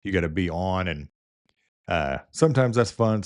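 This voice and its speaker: A man's voice: low-pitched, expressive, moderate pace, no room sound, clean studio sound. A man who works as a nurse tells shift stories in a casual, rambling way, with many fillers and restarts. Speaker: nurse and video host. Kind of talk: casual storytelling.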